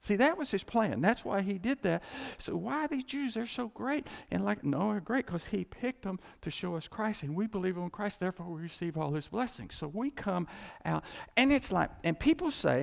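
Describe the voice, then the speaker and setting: A man's voice: high voice, gravelly, big-room sound. A man preaching a sermon in an earnest way, often repeating and restarting his phrases.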